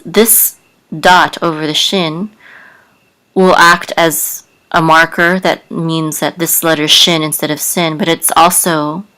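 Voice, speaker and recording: Slow, low-voiced woman teaching softly. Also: rough recording. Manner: soft-spoken, careful, spells out sounds with many fillers. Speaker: Hebrew teacher. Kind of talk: slow, patient language lesson.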